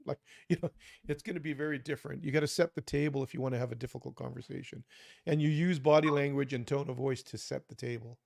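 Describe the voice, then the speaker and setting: Gravelly-voiced man giving earnest advice. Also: mid-range voice, fairly even intonation, fast talker, a little mellow, dry recording, clean studio sound. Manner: earnest, acts out example dialogues. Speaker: podcast co-host. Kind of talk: conversational advice talk.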